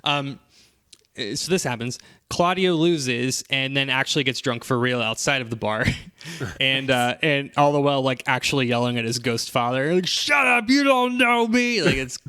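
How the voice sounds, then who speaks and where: Bright, rambling podcast guy. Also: mid-range voice, moderate pace, clear, resonant tone, no room sound. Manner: rambling, animated retelling with many fillers. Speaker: podcast host summarizing a comic. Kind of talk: casual chat.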